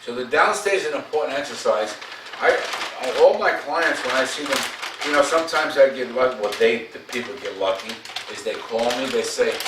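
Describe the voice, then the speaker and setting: Speaking a little fast at a medium pitch, this male dog trainer coaches an owner at home, being direct and often checking "okay?". The talk is casual instruction at a home visit. A distant camera mic in the home room gives a roomy recording with faint noise.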